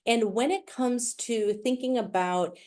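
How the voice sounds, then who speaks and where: A woman's voice: a little high, measured pace, a little mellow. A middle-aged woman with a Wisconsin accent giving a chatty, playful presentation over a video call. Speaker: guest speaker. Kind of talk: virtual presentation.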